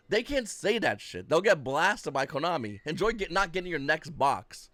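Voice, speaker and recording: A man with a fairly high voice rants bluntly about a card game, swearing freely and talking with lively energy. His voice sits close and dry, with no room sound around it. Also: normal speed, hardly any pauses, no echo. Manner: blunt, profane, animated. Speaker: YouTube card-game commentator. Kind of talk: casual ranting commentary.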